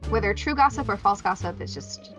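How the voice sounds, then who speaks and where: A woman's voice: mid-range voice, animated, brisk, over music. A woman player describing her characters in casual chat, hesitant and full of filler words. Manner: hesitant, lots of uh and um. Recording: dull lo-fi sound.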